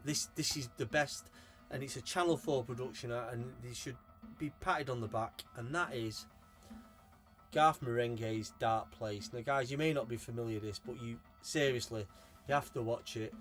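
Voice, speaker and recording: Man, casual vlog chat, enthusiastic, rambling, swears freely, mid pitch, faint background music. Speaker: collector showing his purchases.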